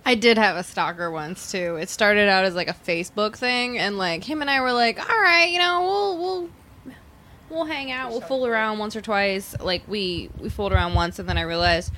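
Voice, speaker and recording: A young adult woman chatting casually, giggly and expressive, her voice swinging up when she gets worked up. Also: medium pitch, brisk, hardly any pauses. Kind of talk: casual chat.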